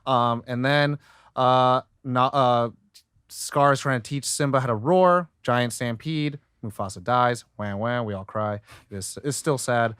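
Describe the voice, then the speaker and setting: A man co-hosting a podcast, casually recapping a film in a rambling, slangy way with quick character impressions. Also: medium pitch, a bit bright, clear, resonant tone, dry recording, clean studio sound. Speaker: podcast co-host.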